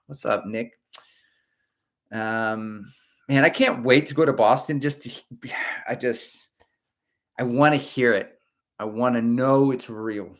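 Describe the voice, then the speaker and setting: A man's voice: mid-range voice, slow, long pauses, a bit bright. Chatty middle-aged man rambling on stream. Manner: rambling, chatty, reads out chat comments. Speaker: host of a running livestream. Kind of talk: casual livestream chat.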